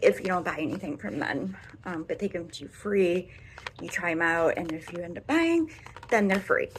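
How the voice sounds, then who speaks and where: A woman's voice: lowish voice, lively intonation, normal speed, slight background noise. A young woman from the American Midwest with a Midwestern accent, chatting through a casual makeup review vlog in her bedroom, rambling and often slipping into a whisper. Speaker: beauty vlogger.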